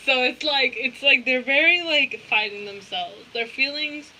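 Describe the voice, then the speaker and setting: Bright, high-ish young woman, brash tarot reader, faint hiss on the recording. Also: slow pace, low-quality recording. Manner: blunt, profane, animated slang. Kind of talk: casual tarot reading.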